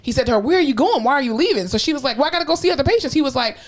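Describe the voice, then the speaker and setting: A woman's voice: high-pitched, expressive, very fast. A woman co-hosting a podcast, telling a work story in casual chat, easygoing, swearing now and then and acting out the voices she quotes. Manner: laid-back, swears, acts out quoted voices. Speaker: podcast co-host.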